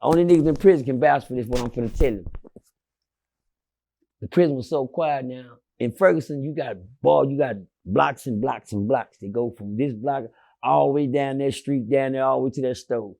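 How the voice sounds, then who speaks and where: A man telling a long prison story as an interview guest, swinging from loud shouts down to low murmurs and cursing freely. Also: moderate pace, gravelly. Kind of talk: animated storytelling.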